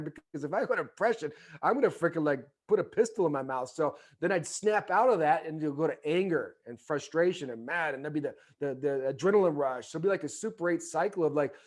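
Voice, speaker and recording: As a guest on a podcast, a man in his forties from the US who used to play baseball recounts his life in a rambling way, full of fillers and restarts. Eventually his telling becomes an impassioned motivational pitch.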